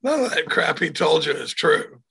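Man voicing a terse old farmer, husky and rough, deadpan punchline. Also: fairly high pitch, normal speed, full character voice. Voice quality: gravelly. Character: dry old male farmer, laconic.

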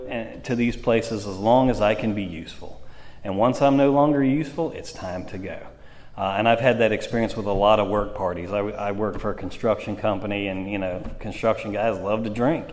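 A man's voice: lowish voice, a little mellow. A man sharing his recovery story at a meeting, talking in a casual, rambling way with many fillers. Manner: conversational storytelling with frequent fillers. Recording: long hall reverb.

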